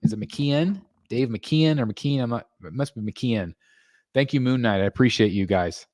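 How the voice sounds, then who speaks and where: A man hosting a casual collecting live stream from his home, reading viewer comments aloud and thanking members, his voice jumping up when he gets excited. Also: moderate pace, dry recording. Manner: excitable, jumps in pitch when greeting members. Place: home room.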